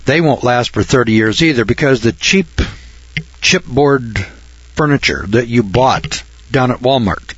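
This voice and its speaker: A man's voice: medium pitch, fairly bright tone, breathy edge, dry recording. A man lecturing through a list of figures, folksy and sarcastic, now and then breaking into mock amazement. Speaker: financial lecturer. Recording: dull, lo-fi dry recording.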